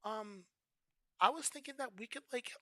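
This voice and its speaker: A woman's voice: a little high, moderate pace, noisy background, voice pushed up, lightly acted. A man voicing his teenage girlfriend, coy and teasing, hesitant and full of ums. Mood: hushed, coaxing.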